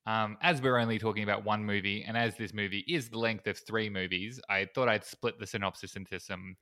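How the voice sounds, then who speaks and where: A man's voice: fairly low pitch, fairly even intonation, a little fast, bright, forceful tone. A man co-hosting a podcast in casual chat, joking and laughing often. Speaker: podcast co-host.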